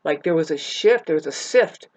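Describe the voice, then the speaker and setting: A woman's voice: sits low, lively intonation, moderate pace, a little mellow. A woman ranting to her viewers in a loose, profane monologue. She rambles, restarts her sentences and calls her listeners "babe". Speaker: vlogger. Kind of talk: rambling spoken rant to camera.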